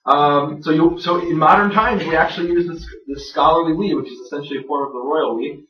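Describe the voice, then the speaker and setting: A man with a fairly high voice gives a brisk, conversational lecture on biblical grammar to a live audience, joking and poking fun at himself amid many fillers and restarts. The sound is roomy, distant, dull, and lo-fi.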